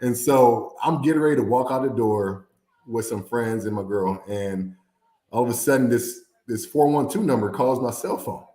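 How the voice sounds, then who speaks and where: A man from the American Midwest telling a story in an interview, animated and laughing often as he acts out quotes. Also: mid-range voice, moderate pace. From Fort Wayne, Indiana. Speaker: former NFL player, guest. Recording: echoey room.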